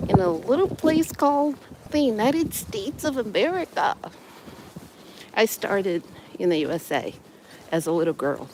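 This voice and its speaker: A woman from Brazil talking casually to the camera as an English educator, playful and chatty, explaining things with examples while outdoors. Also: fairly low pitch. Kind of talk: casual vlog talk to camera. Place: outdoors in the snow, on a street with traffic. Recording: outdoor phone recording with clear street noise. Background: passing vehicles and wind.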